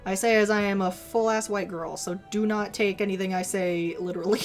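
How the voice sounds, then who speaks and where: A woman's voice: mid-range voice, fairly even intonation, a little fast, soft background music. A young adult woman streaming, chatting casually with viewers in a giggly, chatty, self-deprecating way. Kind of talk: casual live-stream chat.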